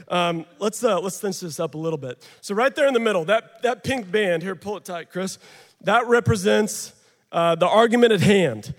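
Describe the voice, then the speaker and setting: A man preaches to a gathered audience, holding a handheld mic and joking with the crowd. His voice sits high and carries a long reverb from the big hall around him. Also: normal speed. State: out of breath. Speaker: pastor. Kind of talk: sermon with live demonstration.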